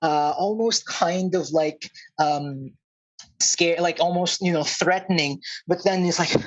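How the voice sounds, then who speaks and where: Male game master, unhurried, halting narration, casual. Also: on the high side, low-quality recording. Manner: halting, many fillers.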